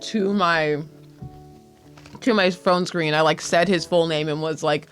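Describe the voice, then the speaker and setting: High-voiced man rambling on a podcast. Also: a little slow, clean tone, faint music behind. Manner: rambling, filler-heavy, animated when retelling. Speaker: podcast co-host. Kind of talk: casual chat.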